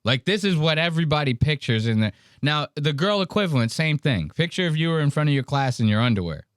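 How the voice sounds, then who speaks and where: A man's voice: a little high, sing-song, fast, clear, resonant tone, no echo, studio quality. A man hosting a podcast, giving crude, joking commentary on comedy clips and laughing often. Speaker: podcast host.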